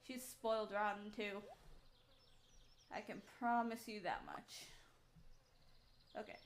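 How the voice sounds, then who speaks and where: Chatty woman streamer, slow talker. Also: medium pitch, a little hiss or hum. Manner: rambling, chatty, self-talk between game actions. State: out of breath. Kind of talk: casual live-stream chat while playing. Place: home.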